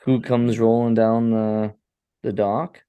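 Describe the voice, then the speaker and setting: His voice is fairly low with little pitch movement, clear and resonant, though the highs are cut off. As a podcast co-host, the man gives a casual, profane horror film recap, telling it loosely and crudely with jokes and brief acted-out character lines.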